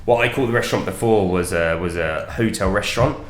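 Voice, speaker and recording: A young man, a head chef, telling stories on a podcast in a lively, casual way, swearing and mimicking people. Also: sits low, fast, echoey room. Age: young adult.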